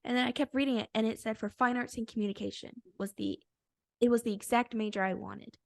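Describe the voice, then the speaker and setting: A woman's voice: on the high side, steady tone, quick pace, gravelly, no echo, clean studio sound. A young woman co-hosting a podcast, telling a story in casual chat, bubbly and laughing often. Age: young adult. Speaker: podcast co-host.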